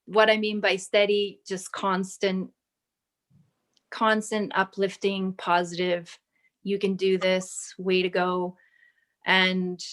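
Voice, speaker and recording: A woman in her thirties, a fitness client, talking slowly and thoughtfully in a casual chat and at times reading from her notes. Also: medium pitch, a bit bright. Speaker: client giving a testimonial. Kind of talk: casual video call chat.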